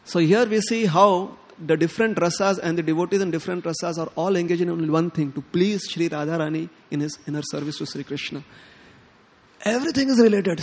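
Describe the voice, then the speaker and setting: A man giving a sermon, telling a devotional story in an animated way and acting out the characters' lines. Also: sits high. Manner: animated, quotes characters in lively tones, chuckles often. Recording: long hall reverb.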